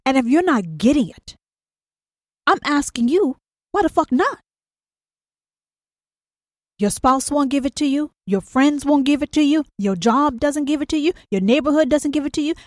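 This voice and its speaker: A woman hosts a podcast with a blunt, confrontational motivational monologue, packed with rhetorical questions and profanity. Her high voice is animated and a little mellow, at a moderate pace with long pauses. The studio-quality recording has no echo.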